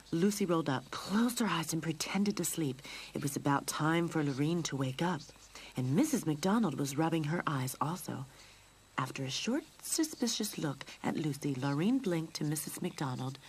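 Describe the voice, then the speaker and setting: Lively, low-voiced woman narrating a cartoon. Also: moderate pace, slight background noise. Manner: lively, expressive. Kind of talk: scripted storybook narration.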